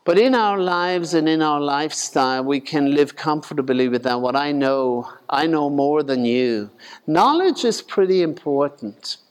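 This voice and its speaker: A man's voice: fairly high pitch, expressive, unhurried, clear, resonant tone, big-room sound. A man preaching a sermon in a conversational way, acting out the voices of the people in his retelling.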